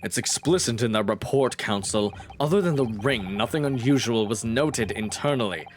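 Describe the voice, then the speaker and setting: A cold, haughty prosecutor, read by a male streamer doing the voice. He speaks in a low, disdainful tone with lively pitch movement. Each line is clipped and scornful. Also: moderate pace, slight background noise, close to an everyday voice.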